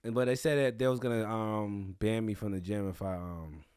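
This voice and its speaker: A man's voice: on the low side, moderate pace, smooth, no room sound, clean studio sound. A young man hosting a podcast, telling a crude, comedic story with lots of swearing and bragging. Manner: animated, profane, crude bragging humor. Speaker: podcast host.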